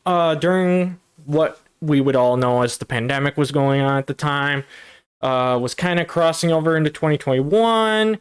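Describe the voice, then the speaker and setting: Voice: medium pitch, normal speed, smooth. A VTuber guest answering interview questions casually, in a meandering way with many hesitations.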